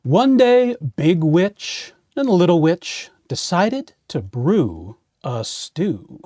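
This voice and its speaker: A man's voice: a little high, big pitch swings, very slow, darkish tone, dry recording, clean studio sound. A man hosting a children's storytime as a playful vampire count, reading a picture book aloud. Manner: playful, theatrical vampire host. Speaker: children's librarian playing a vampire count host.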